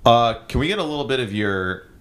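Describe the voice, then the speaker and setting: A man's voice: medium pitch, expressive, a little fast, a bit bright. An American man in his young adult years hosting a casual podcast chat, laid-back and asking questions. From United States. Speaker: podcast host.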